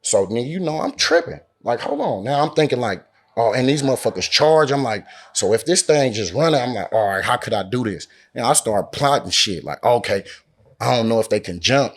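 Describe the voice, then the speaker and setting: A man spins a casual story as an interview guest, his voice sitting at an ordinary middle pitch. He acts out every exchange in quoted dialogue and packs his talk with slang and swearing. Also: animated, fairly quick. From Oakland, California. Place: lounge in a Las Vegas resort.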